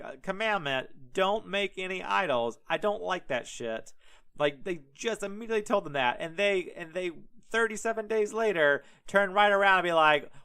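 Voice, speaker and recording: A man's voice: high-pitched, smooth. A man hosting a podcast who retells scripture in a casual, irreverent, profane way, full of "like" and asides. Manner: animated, irreverent, profane, many fillers. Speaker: podcast host. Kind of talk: casual comedic Bible retelling.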